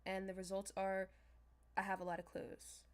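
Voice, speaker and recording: A young woman chatting casually on a livestream as a manifestation coach, talking straight to her viewers in a loose, animated way. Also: medium pitch, normal speed, clear, resonant tone. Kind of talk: casual livestream talk to chat.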